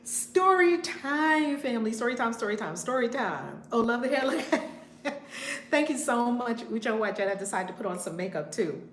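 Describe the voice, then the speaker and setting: A woman's voice: on the high side, expressive, normal speed. A woman reverend hosting a casual live-stream storytime from her home, greeting viewers by name as she talks. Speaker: reverend and channel host. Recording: roomy home room with faint ambience.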